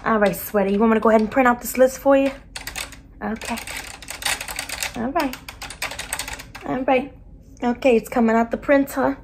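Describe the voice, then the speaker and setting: A woman's voice: on the high side, steady tone, normal speed, pauses often, background noise, close to an everyday voice. Woman playing Charlotte, a blunt New Jersey counselor. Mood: blunt, soothing. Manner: blunt, self-centered, keeps calling the listener sweetie. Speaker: school counselor. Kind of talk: whispered role-play.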